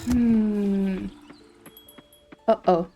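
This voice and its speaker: A woman's voice: medium pitch, steady tone, very slow, warm tone, faint music behind. A woman streamer chatting casually while playing a farming game, telling a story with many restarts and repeats.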